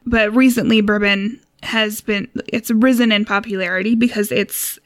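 A young woman co-hosting a casual cocktail podcast, explaining a recipe in a relaxed way with frequent laughs and fillers. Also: mid-range voice, moderate pace, no echo. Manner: relaxed, giggly, lots of fillers. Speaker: co-host.

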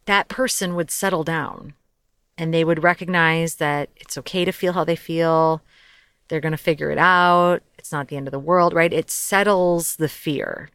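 A woman's voice: deep voice, smooth, dry recording, clean studio sound. A young woman hosting her own podcast, talking casually and chattily about life coaching, with light laughter and loose asides. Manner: chatty, animated, laughs often, swears lightly. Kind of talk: casual solo podcast talk.

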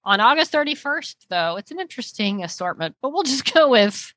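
Bright-voiced chatty woman podcaster. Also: a little high, sing-song, brisk, dry recording. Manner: chatty, reads listener mail aloud. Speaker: podcast co-host. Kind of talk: casual podcast chat.

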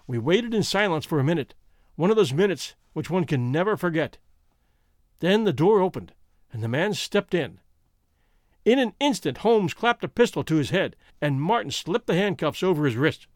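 A man giving a steady, scripted narration of a classic detective story. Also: a little high, moderate pace, no echo, clean studio sound. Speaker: audiobook narrator.

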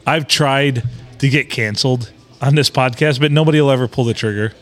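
A man's voice: medium pitch, fairly quick, faint music behind. A man co-hosting a podcast from a bar, telling crude jokes with lots of swearing. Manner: profane, joking, animated. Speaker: podcast co-host. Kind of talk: crude casual banter.

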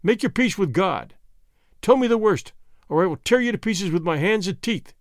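A man's voice: a little high, sing-song, a little fast, no room sound, studio quality. A man voicing a fierce, vengeful jungle-raised English lord, growling menacing demands. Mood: threatening.

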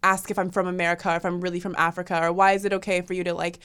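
A young woman hosting a casual talk show, chatting quickly and animatedly with many fillers. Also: lowish voice, clear, resonant tone. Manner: fast, animated, lots of "like" fillers. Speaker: podcast host. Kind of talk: casual conversation.

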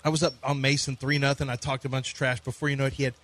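A man's voice: medium pitch, level tone, racing, fairly bright tone. A man co-hosting sports radio, telling self-mocking stories about his son. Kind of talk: casual anecdotal radio chat.

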